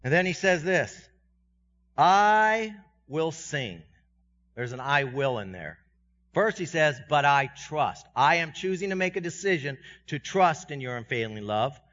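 A pastor preaching a sermon to his congregation in a conversational way, with self-deprecating humor, his voice swinging from loud and high to quiet and low. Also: animated, moderate pace. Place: church sanctuary. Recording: dull sound with long reverb in a church hall.

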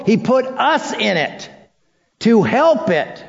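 Male pastor, high and expressive, self-mocking storyteller, dull recording with long hall reverb. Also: slow. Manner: animated storytelling with self-deprecating humor. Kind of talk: sermon.

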